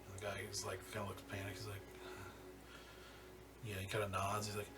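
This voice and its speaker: A man narrating as game master of a tabletop game, halting with many fillers and restarts. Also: lowish voice, level tone, pushed and bright. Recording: distant mic with music behind.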